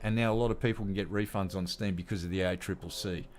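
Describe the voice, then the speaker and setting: A low-pitched Australian man in his fifties rants to camera, blunt and heavy with swearing. A faint hum of noise sits under his voice. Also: steady tone, fast, a little mellow. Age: 50s. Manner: blunt, heavily profane ranting. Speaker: gaming vlogger. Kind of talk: casual rant to camera.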